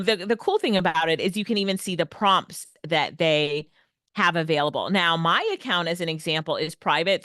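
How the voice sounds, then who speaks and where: A woman's voice: lowish voice, pushed and bright, no echo, studio quality. A woman presenting an online workshop on everyday AI tools, upbeat and laughing often. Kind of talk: online tech lesson. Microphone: headset or desk mic, video call.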